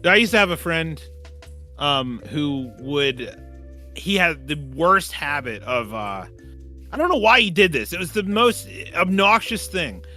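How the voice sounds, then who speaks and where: A man with a very bright, slightly high voice chats casually as a podcast co-host. He tells lively stories, curses freely and puts on the voices of the people he quotes. Faint music plays underneath. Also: unhurried. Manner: animated storyteller, swears freely, acts out quoted voices. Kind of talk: casual chat.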